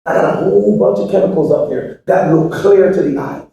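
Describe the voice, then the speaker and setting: A man giving a motivational speech to a live audience. He swings from shouted appeals to hushed, preachy lines and keeps firing rhetorical questions. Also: high voice, a little fast, lo-fi sound. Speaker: motivational speaker to students. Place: large echoey hall with an audience. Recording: very echoey hall from far off.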